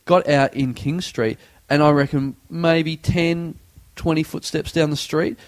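A man's voice: a little high, measured pace, dry recording. A young Australian man telling a story in casual chat, acting out the voices of the people in it. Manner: animated, acts out voices in anecdotes. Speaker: podcast co-host.

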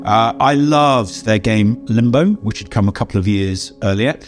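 An older English man, a game designer being interviewed, telling anecdotes in a lively way and acting out the voices of people he quotes. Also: fairly low pitch, normal speed, loud music behind the voice. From England. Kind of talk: animated storytelling in an interview.

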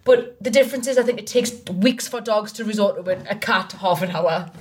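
A woman comedian in casual comedic chat, laughing often as she tells animated stories. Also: mid-range voice, a little fast. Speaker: comedian podcast co-host.

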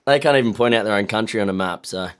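A man's voice: lowish voice, quick pace, clear, resonant tone. An Australian man co-hosting a podcast in casual chat, joking and teasing. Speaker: podcast co-host.

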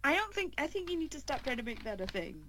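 A woman's voice: sits high, sing-song, fast, pushed and bright, a little hiss or hum. A woman co-hosting a casual football podcast, teasing and skeptical with dry questions. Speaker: podcast co-host.

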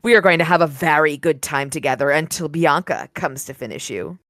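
A sneering male sorcerer spirit voiced by a woman hisses his threats in a low, breathy whisper. The voice sits well below her usual pitch and stays quiet and menacing, as in an audiobook read aloud. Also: fairly quick, dry recording, clean studio sound. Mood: snarling. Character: sinister male sorcerer spirit taunting in dreams.

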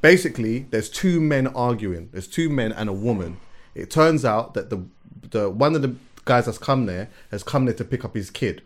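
Man telling a story, animated. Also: mid-range voice, normal speed. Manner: animated storyteller, repeats words while thinking, laughs as he tells stories. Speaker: podcast host. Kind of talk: casual podcast chat.

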